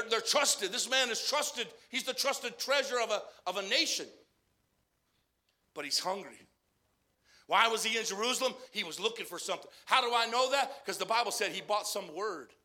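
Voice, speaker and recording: High, bright-voiced man preaching a folksy sermon. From Arizona. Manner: folksy, repeats words, swells to loud exhortation and drops to quiet.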